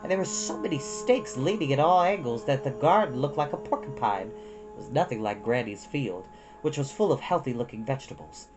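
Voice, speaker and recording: A woman reading a novel aloud with expressive storytelling. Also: a bass voice, fairly quick, soft background music.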